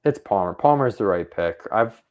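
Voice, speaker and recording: Lower-voiced co-host thinking aloud. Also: male voice, animated, fairly quick. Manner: thinks aloud, restarts, talks himself into picks. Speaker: podcast co-host. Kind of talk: casual fantasy football draft chat.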